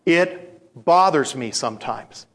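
This sermon comes from a male pastor with a slightly high voice and a slow pace. He tells it in an animated way, performing voices and repeating phrases for emphasis.

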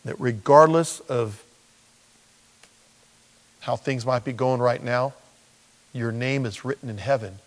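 Man, pastor, animated sermon, acts out quotes, reverberant hall. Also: mid-range voice, takes it slowly, pauses often.

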